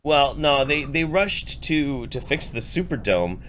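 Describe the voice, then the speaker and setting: A man's voice: mid-range voice, measured pace, a little hiss or hum. A man co-hosting a podcast, telling stories casually with some swearing. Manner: relaxed, swearing, storytelling. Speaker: podcast co-host. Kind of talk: casual chat.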